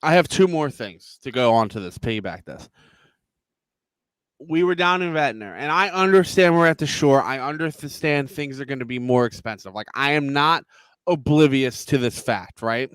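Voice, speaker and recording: A man's voice: medium pitch, moderate pace, clear, resonant tone, no room sound. A man, ranting and swearing as a podcast co-host in casual chat. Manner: profane, heated, animated ranting.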